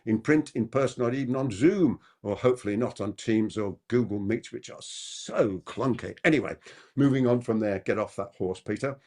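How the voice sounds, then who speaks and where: In a live masterclass on persuasion, a man acting as trainer talks at a quick clip and keeps putting rhetorical questions to his listeners. His manner is animated, his pitch rising and falling dramatically.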